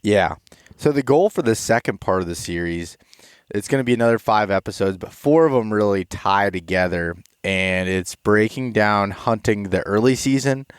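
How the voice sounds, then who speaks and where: A young man hosting a podcast, chatting casually in a relaxed, rambling way, tired and a bit stuffed up after a long day outdoors. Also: fairly low pitch, moderate pace, clean tone, no room sound, studio quality. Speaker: podcast host. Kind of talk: casual chat.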